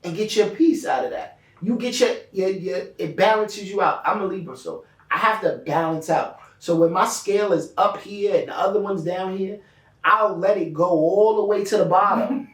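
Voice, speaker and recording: A man's voice: high voice, moderate pace, fairly bright tone. A man who DJs, co-hosting a casual podcast chat, rambling through profane stories. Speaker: DJ and co-host. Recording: echoey room, distant mic.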